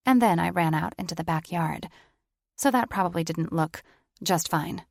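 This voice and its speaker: A woman reads a first-person audiobook in a low voice with a gravelly fry. The delivery is plain and even, and the recording is dry and close. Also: normal speed, dry recording. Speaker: audiobook narrator.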